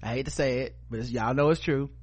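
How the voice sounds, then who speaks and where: A man's voice: medium pitch, fast talker, slightly rough. A man co-hosting a podcast, riffing in casual comedic chat with profane, laughing delivery. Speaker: podcast co-host.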